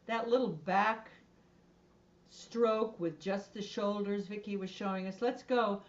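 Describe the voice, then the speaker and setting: A woman's voice: mid-range voice, steady tone, a little slow, dull audio. A woman voice and choir instructor leading an online movement and singing class in a playful, encouraging way over a video call.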